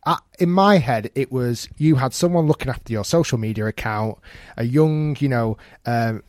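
A man's voice: mid-range voice, moderate pace, no echo, studio quality. A man hosting a casual podcast, telling stories with animation and acting out quoted lines. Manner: animated storyteller, acts out quotes. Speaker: podcast host. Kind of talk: casual chat.

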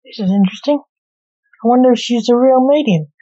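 A woman's voice: medium pitch, moderate pace, mellow, natural voice. A woman voicing a male sorcerer who talks in a playful, mocking way. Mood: teasing. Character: male sorcerer, amused and teasing. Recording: dull lo-fi recording.

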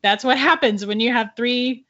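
A middle-aged woman, a podcast guest, telling a personal ghost story in an animated way and laughing often between sentences. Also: a little high, moderate pace. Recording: dull lo-fi audio.

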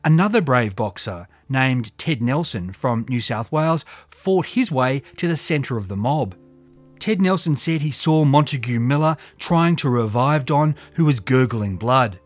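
A man's voice: medium pitch, animated, unhurried, dry recording. A man narrating a true crime story from history in a dramatic, scripted storytelling style. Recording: faint music underneath.

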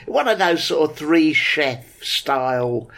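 Gravelly English man with sardonic quips. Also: on the high side, expressive, fairly bright tone. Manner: sardonic, chimes in with quick quips. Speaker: podcast co-host. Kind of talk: casual chat, comic banter.

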